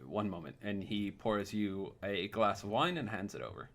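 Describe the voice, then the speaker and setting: A man's voice: lowish voice, normal speed, fairly bright tone. A man narrating as game master of a tabletop game, casual and full of hesitant fillers.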